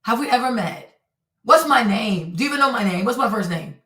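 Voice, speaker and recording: A woman's voice: a little high, animated, a little fast, a bit bright, roomy sound, far from the mic. A woman hosting a live stream, ranting indignantly and firing off repeated rhetorical questions. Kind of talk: heated live-stream commentary.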